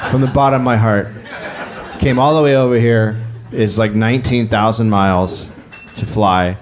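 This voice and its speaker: A man's voice: lowish voice, fairly even intonation, normal speed. A man co-hosting a live comedy podcast, telling stories in a brash, profane, teasing way. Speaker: podcast co-host. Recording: live stage recording with background noise.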